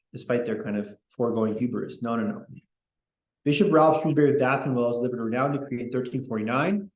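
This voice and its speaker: A man's voice: medium pitch, darkish tone. A man hosting a casual history podcast, reading quotes aloud with opinionated, digressive asides. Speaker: podcast host. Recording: echoey room.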